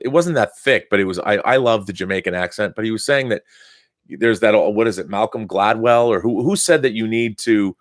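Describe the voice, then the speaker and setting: A man with a lowish voice hosts a casual live-stream monologue and wanders enthusiastically from one thought to the next. His sound is dry and close, with no room around it. He talks like an excited storyteller. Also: no room sound.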